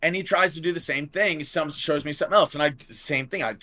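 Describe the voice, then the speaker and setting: Man, casual storytelling, high voice, bright tone, animated quotes, frequent "like". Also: a little fast. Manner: animated, acts out quotes in raised voice; swears freely, says "like" often. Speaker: podcast guest.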